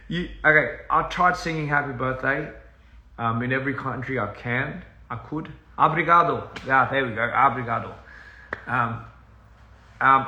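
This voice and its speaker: A man's voice: medium pitch, pushed and bright, roomy sound. A young man rambling through a casual live-stream chat from home, easily sidetracked and laughing often. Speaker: musician live-streaming to fans. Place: at home, indoors.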